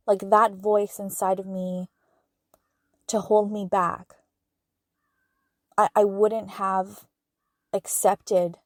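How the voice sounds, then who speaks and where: In a clean, echo-free studio recording, a mid-range-voiced woman speaks alone on her podcast, where she's a spiritual medium. Her casual monologue is earnest and heartfelt, sprinkled generously with fillers.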